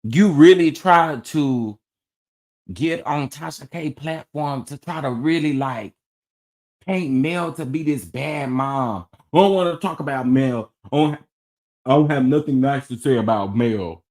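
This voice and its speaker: Here the gossip show host has a medium-pitched voice and talks a little slowly. He tells his viewers stories with animation, full of laughter and exclamations, in a casual chat.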